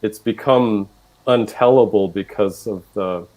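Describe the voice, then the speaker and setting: A man, a composer, chatting on stage about writing a piece, halting and searching for words. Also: on the low side, darkish tone, low-quality recording. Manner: hesitant, full of fillers and restarts. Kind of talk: casual onstage chat.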